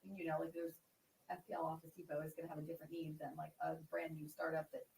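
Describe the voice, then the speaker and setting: Fast-talking woman with a gravelly edge. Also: deep voice, little pitch movement, a little mellow, far from the mic, a little hiss or hum, low-quality recording. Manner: quick, explanatory, uses fillers like "like" and "um". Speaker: tech organization CEO, guest. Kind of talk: casual interview answers.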